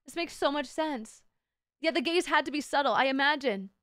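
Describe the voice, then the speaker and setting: A woman's voice: high-pitched, moderate pace, a bit bright, no echo, clean studio sound. A woman streaming live, chatting casually with her viewers, thanking them by name and bantering in a bubbly, teasing, crude way. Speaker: VTuber streamer.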